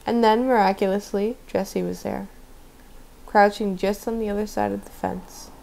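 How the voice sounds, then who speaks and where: Role: story reader. Sex: woman. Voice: gravelly fry. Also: mid-range voice, steady tone, normal speed, a little mellow, slight background noise, low-quality recording. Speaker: guest storyteller. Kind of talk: storybook read-aloud.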